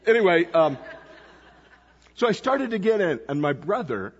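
A man with a high, breathy voice preaches a sermon to a church congregation as a visiting pastor. He tells a story and keeps asking the congregation questions. The recording is dull and lo-fi, and long reverb trails off through the church hall. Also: very animated, normal speed. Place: church sanctuary.

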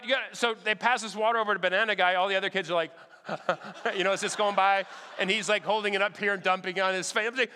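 A man tells a lively sermon story, animatedly acting out the other people's lines. His slightly high voice is bright, forceful, smooth and resonant, ringing with a large hall's long reverb, and there's a little hiss or hum.

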